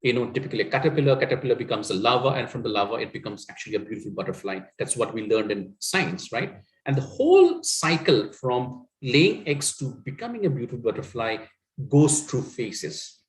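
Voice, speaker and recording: A man's voice: medium pitch, very animated, a little fast, reverberant, rough recording. A middle-aged man from Assam, India, who speaks English with an Indian accent and whose first language is Assamese. As a communication coach, he gives a motivational talk in an earnest way, with many fillers and tag questions.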